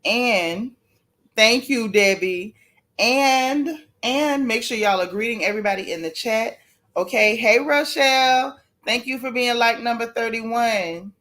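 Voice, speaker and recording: A woman's voice: a little high, measured pace, a bit bright. A woman hosting a casual gossip livestream, chatting to viewers and apologizing while she keeps sneezing from allergies.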